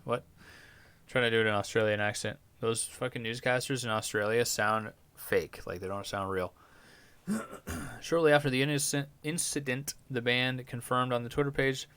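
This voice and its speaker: Young guy podcast host reading headlines and cursing at them, smooth clear voice, dead dry sound. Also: medium pitch, sharp tone, no room sound. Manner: crude, irreverent, mocking. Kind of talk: casual commentary reading news aloud.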